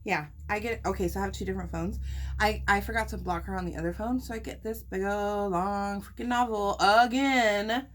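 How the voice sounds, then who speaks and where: A woman's voice: mid-range voice, fairly even intonation, a little fast. A woman vlogger telling a story casually while eating, chatty and sassy, with lots of filler words and quips. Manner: chatty, sassy storyteller full of "like" and "girl, bye". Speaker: mukbang vlogger.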